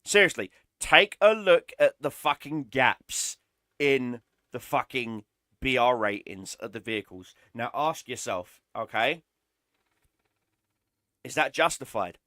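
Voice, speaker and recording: A man's voice: mid-range voice, expressive, slow pace, sharp tone, dry recording, clean studio sound. A man streaming a game, ranting in an exasperated, sarcastic way and swearing often. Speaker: gaming streamer. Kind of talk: ranting gameplay commentary.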